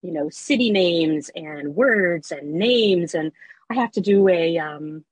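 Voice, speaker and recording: Chatty husky woman, erotica narrator guest. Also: fairly low pitch, slow pace, no echo, low-quality recording. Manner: chatty, animated storytelling with fillers and laughs. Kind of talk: casual interview chat.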